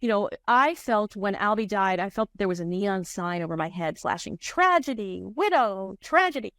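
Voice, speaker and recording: A woman's voice: mid-range voice, fairly even intonation, moderate pace, dry recording, studio quality. A middle-aged woman working as a grief counselor, answering interview questions in a candid, searching way with frequent restarts.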